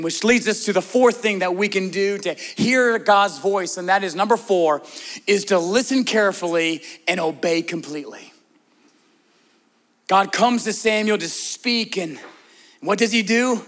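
High-voiced man preaching a lively sermon. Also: measured pace. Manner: conversational, asks the congregation direct questions; emphatic, shifts between loud stresses and soft, hushed prayer lines. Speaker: pastor.

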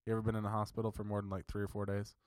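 A man with a somewhat low voice co-hosts a casual podcast, pressing his points emphatically and swearing freely. His talk is argumentative but relaxed among friends. The recording is dry, with no room sound. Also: very fast, no room sound. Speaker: podcast co-host. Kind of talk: casual chat.

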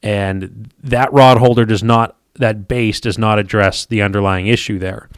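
Man, low voice, hesitant, dry close sound. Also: steady tone, a little slow, clean tone, dry recording. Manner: hesitant, many fillers and restarts. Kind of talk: casual explanatory chat.

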